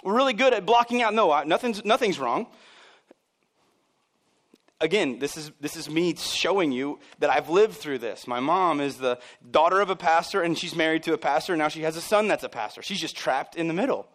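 A man's voice: fairly high pitch, animated, brisk, few pauses, a bit bright. A man pastor preaching a sermon in a church, chatty and joking, acting out the voices of people he quotes.

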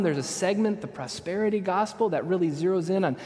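A man's voice: sits high, a little fast, few pauses, a little mellow. A man in his thirties giving a conversational sermon, telling stories and often checking in with the audience. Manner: storytelling, often asks the audience "right?". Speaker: preacher. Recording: long hall reverb.

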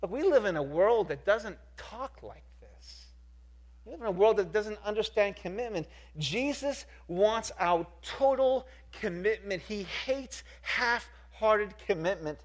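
High-voiced man preaching with emphasis. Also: expressive, a little slow. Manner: emphatic, repetitive, rhetorical questions, swings from soft to loud. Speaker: pastor. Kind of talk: sermon.

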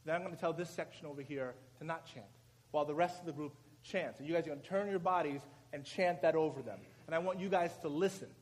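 A man preaching at a prayer meeting, giving directions and leading the crowd in a chant that he drives louder with shouted commands. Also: on the high side, fast talker. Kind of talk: sermon and call-and-response chant leading. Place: church or prayer meeting hall. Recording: live room with crowd and background noise.

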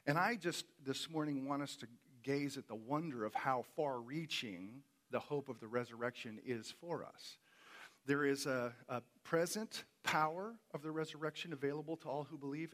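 Male pastor, sermon delivery, earnest and emphatic, average pitch. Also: a bit bright. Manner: earnest, emphatic, repeats key phrases.

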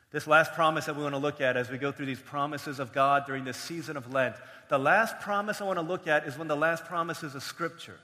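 A man's voice: sits high, sharp tone, long reverb tail. A man preaching a sermon, telling a family story with playful quoted voices. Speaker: pastor.

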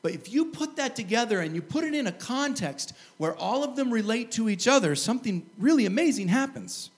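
Man, high voice, middle-aged, pastor, sermon, lively storytelling, chuckling asides. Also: brisk.

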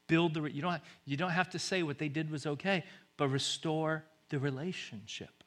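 Bright-voiced preaching man, loud then hushed. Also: a little high, normal speed. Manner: swings from loud exhortation to hushed near-whisper; repeats short urgent phrases. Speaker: pastor. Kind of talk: sermon.

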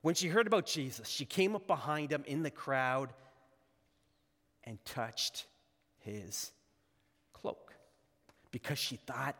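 A man preaching a sermon as a pastor, animated and conversational, acting out the lines he quotes. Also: mid-range voice, slow, long pauses. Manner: animated, acts out quoted lines in character voices. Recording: long hall reverb.

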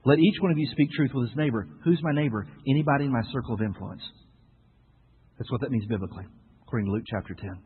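A male pastor preaching a sermon, with emphatic swings between loud outbursts and quiet asides, rhetorical questions and playful humor. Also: medium pitch, fast talker, breathy edge. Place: church sanctuary. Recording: echoey hall on a tinny lo-fi recording.

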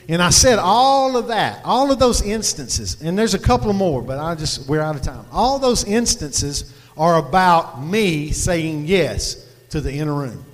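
A man preaching a sermon, telling a story in a folksy, conversational way. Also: high voice. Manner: folksy, conversational, Southern turns of phrase. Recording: long hall reverb.

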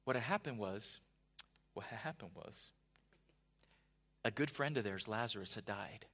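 A male pastor giving a conversational sermon, often restarting words and building to emphatic, louder passages. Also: fairly low pitch, animated, unhurried, husky.

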